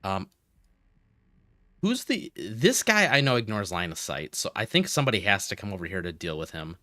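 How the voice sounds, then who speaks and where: A man streaming a game, chatting casually with viewers and telling rambling, animated stories between moves. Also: lowish voice, moderate pace, no echo, studio quality. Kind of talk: casual gaming stream chat.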